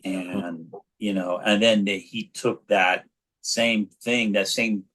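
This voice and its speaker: This New York man in his forties takes his time, his voice sitting on the low side. As a guest in a relaxed interview chat, the actor and children's author spins lively stories, frequently starting over mid-thought.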